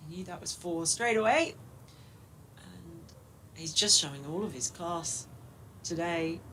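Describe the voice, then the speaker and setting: A woman's voice: lowish voice, lively intonation, a little slow, slight background noise, poor audio. A young woman giving friendly, conversational live cricket commentary. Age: young adult. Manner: friendly, conversational, warmly appreciative.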